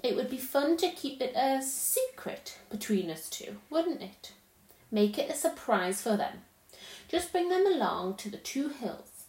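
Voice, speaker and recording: A woman's voice: mid-range voice, darkish tone, close to an everyday voice. A woman reading aloud and voicing a cold, scheming queen who coaxes a boy with sweet, lilting promises and a commanding edge. The recording has a roomy echo.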